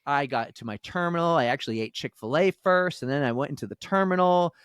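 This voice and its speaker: Podcast guy telling a story, slightly high voice, does little voices for people, dry close sound. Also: fast, clear, resonant tone, dry recording. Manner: animated storyteller, acts out quoted voices. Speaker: podcast co-host. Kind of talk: casual storytelling chat.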